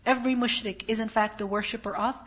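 A Quran teacher gives a commentary lesson in a fairly high, somewhat bright voice, speaking fast with fairly even intonation. She recites Arabic verses, translates them, and poses rhetorical questions that she then answers herself. The recording is dull and lo-fi.

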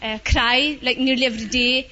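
A woman's voice: high voice, steady tone, moderate pace, sharp tone, dull audio. A young woman with a Scottish accent giving a personal testimony in a chatty way, full of fillers and with Urdu words mixed in.

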